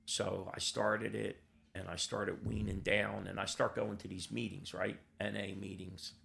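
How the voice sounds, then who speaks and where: A man's voice: on the low side, level tone, a little slow, a bit bright. An older man telling his own story as a podcast guest, blunt and raw, swearing freely and acting out the voices of people in his story. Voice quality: gravelly. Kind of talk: candid personal storytelling.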